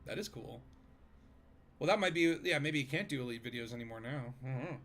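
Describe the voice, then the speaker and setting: A man's voice: medium pitch, a little fast, fairly bright tone. A man hosting a casual gaming stream, rambling along with lots of fillers while narrating his own gameplay. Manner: rambling, filler-heavy, chatty. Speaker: streamer host.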